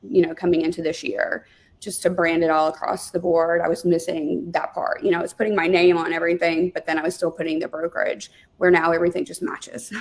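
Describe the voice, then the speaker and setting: A woman telling stories as an interview guest in a chatty, animated way, with lots of fillers. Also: fairly low pitch, a little fast. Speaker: guest, real estate team leader. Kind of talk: casual interview storytelling.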